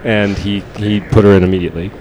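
Host, male, lowish voice, teasing and sarcastic, casual movie chat. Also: steady tone, fast talker, a little mellow, a little hiss or hum. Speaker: podcast host.

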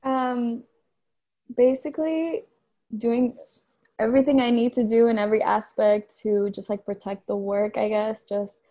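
A woman's voice: fairly high pitch, flat delivery, unhurried, mellow. A young adult woman, an actor, chatting casually on a podcast with lots of fillers. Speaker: actor, guest.

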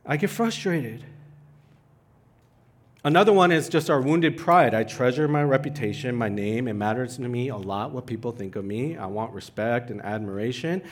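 A young adult pastor preaches a sermon in an animated way, his mid-range voice climbing for emphasis at a normal speed. He mixes in self-deprecating asides.

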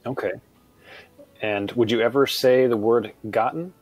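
A man with an American accent, chatting casually as a guest teacher, relaxed and thoughtful, often pausing on fillers. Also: mid-range voice, no echo. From United States. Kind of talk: casual conversational chat.

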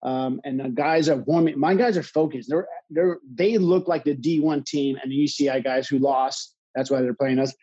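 On a lo-fi recording, a man in his thirties with a mid-range, slightly rough voice recounts something personal to a live audience. He coaches college water polo, and his story starts halting, with many fillers and restarts, before he becomes animated.

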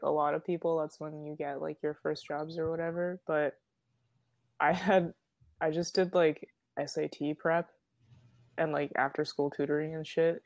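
A young woman in a casual chat with friends, speaking in a dry, low-key way. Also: darkish tone, no echo.

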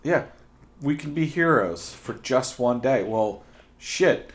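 A man's voice: mid-range voice, lively intonation, slow pace. A man co-hosting a casual podcast conversation. He is blunt and opinionated and swears offhandedly. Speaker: podcast co-host. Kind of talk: casual chat.

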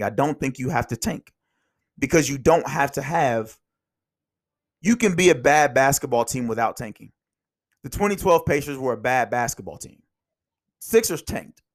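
A man hosting a casual sports talk show, talking in animated, rambling rants. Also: mid-range voice. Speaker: podcast host.

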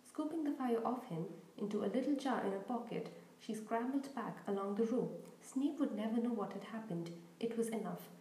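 A woman's voice: on the high side, normal speed, few pauses, echoey room, a little hiss or hum, low-quality recording. A woman narrating a children's novel aloud as host of a reading podcast. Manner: steady storytelling reading. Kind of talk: audiobook narration.

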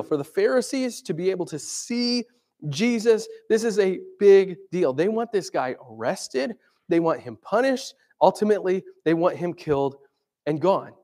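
A man's voice: sits high, a little mellow. A man preaching a sermon in a conversational way, asking his listeners questions.

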